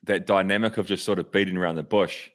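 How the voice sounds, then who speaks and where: A man's voice: low voice, steady tone, quick pace. A man co-hosting a casual podcast, talking in a rambling way with frequent restarts. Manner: rambling, with restarts and trailing thoughts. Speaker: podcast co-host. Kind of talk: casual chat.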